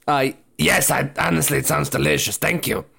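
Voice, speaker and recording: A man playing a tabletop game, joking in character with dry deadpan humor. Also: a little high, moderate pace, creaky, husky. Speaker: tabletop player.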